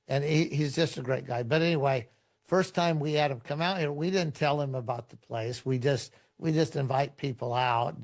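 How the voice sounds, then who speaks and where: A middle-aged man, a pastor, telling stories in a relaxed, rambling way, with many fillers and restarts. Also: medium pitch, creaky. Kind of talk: conversational storytelling in a podcast interview.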